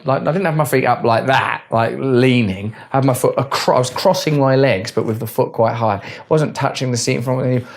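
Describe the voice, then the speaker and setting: Man, gravelly voice, rambling and earnest, philosophical self-help talk. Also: mid-range voice. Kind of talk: reflective monologue.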